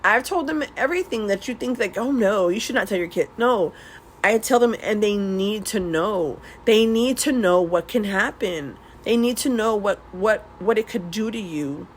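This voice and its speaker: A woman's voice: mid-range voice, animated, moderate pace, slight background noise, poor audio. A middle-aged woman talking candidly to her viewers, rambling and restarting often with laughs between thoughts. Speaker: beauty vlogger swatching nail products. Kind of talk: casual confessional chat.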